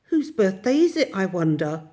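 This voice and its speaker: A woman's voice: medium pitch, very animated, normal speed, mellow, close to an everyday voice. A woman voicing a small boy who is curious and a bit fretful in a storybook reading.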